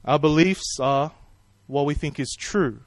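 Guy giving a sermon, casual and friendly, asks the crowd stuff, kinda high voice, dry sound. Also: unhurried, no echo. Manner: friendly, conversational, asks the room questions. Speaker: pastor. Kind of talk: sermon with audience questions.

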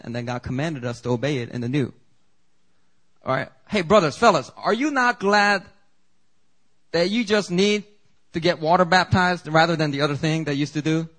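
A man preaching a sermon as pastor in a church, animated and conversational, with quick asides to the congregation. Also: a little high, rough recording. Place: church sanctuary.

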